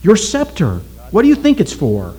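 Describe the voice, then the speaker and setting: A man voicing a young island man who is desperate and outraged, speaking in raised, forceful pleas. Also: high voice, huge pitch swings, measured pace, breathy edge, pitched above the performer's own voice, exaggerated voice, rough recording. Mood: insistent.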